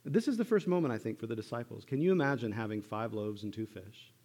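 A man preaching a sermon in a church, conversational and animated, acting out lines from a Bible story. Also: lowish voice, fast. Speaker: pastor. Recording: church hall with long reverb.

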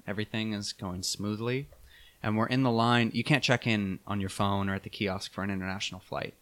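Lowish-voiced man telling a travel story. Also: a little fast. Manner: animated, laughing, many fillers. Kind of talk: casual storytelling chat.

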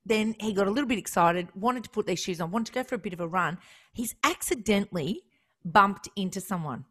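A woman's voice: medium pitch, lively intonation, a bit bright. A woman co-hosting a radio show, telling stories in casual banter and laughing often. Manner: chatty, storytelling, quick to laugh. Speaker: radio co-host.

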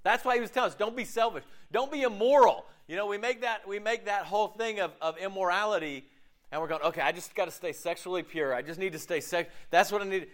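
In his sermon, a pastor with a high voice talks fast, staying animated and chatty as he acts out quoted voices and laughs at himself.

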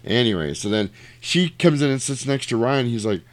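Animated man retelling a movie. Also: normal speed, no room sound. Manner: animated storyteller, acts out quotes in high voices, laughs often. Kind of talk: casual movie recap chat.

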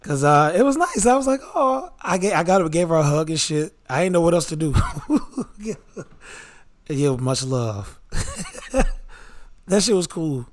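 A man's voice: a little high, lively intonation, unhurried, long pauses. A man co-hosting a podcast, telling stories in a loose, slangy way with laughs in between. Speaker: podcast co-host. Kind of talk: casual chat, storytelling.

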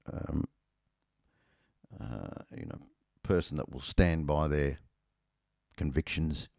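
A man's voice: extremely low pitch, gravelly, darkish tone, no echo, clean studio sound. A middle-aged Australian man telling a rambling, self-mocking anecdote in casual chat, full of ums and uhs.

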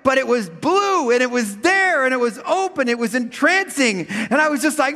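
Animated middle-aged preacher in a hall. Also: male voice, very high voice, normal speed, few pauses. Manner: animated storyteller, swings from loud comic voices to quiet reflection. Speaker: pastor. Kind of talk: sermon with comic storytelling. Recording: long hall reverb.

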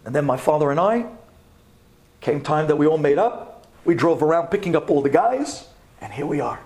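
Rabbi telling a story to a class, high voice that swings widely, dramatic, drops to hushed tones at tense moments. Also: male voice, moderate pace. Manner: animated, dramatic storytelling with sudden drops to a hush.

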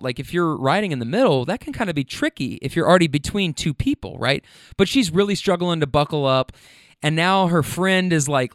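Smooth-voiced young man rambling, profane podcast storyteller. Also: on the high side, fairly bright tone, dry recording, clean studio sound. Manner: rambling, profane, keeps checking in with listeners. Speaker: podcast host. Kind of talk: casual storytelling.

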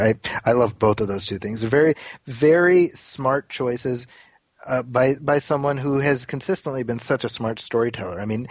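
Husky-voiced podcast guest man. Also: mid-range voice, no echo. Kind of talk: casual podcast chat.

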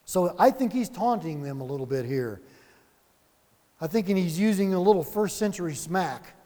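A man leading a Bible study in an animated, conversational sermon style, with chuckling asides and rhetorical questions. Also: high voice, moderate pace, big-room sound.

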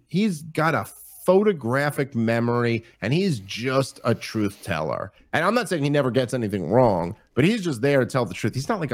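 A man talking as a podcast guest in casual chat, animated, profane and rambling. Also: mid-range voice, no echo, studio quality.

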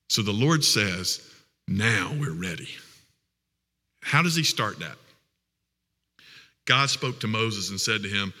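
A male pastor preaches with earnest weight, stretching key phrases for emphasis. His voice is sharply bright and forceful, set at an ordinary pitch. It rings out through an echoey sanctuary with a long tail of reverb. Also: animated, a little slow, pauses often. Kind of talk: sermon.

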